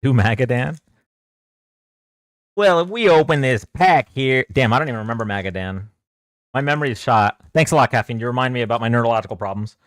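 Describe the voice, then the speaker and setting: A man's voice: mid-range voice, brisk, no room sound. Guy on a stream ripping card packs, jokey and self-deprecating, dry close sound. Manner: jokey, counts cards aloud, self-deprecating. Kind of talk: casual live stream chat.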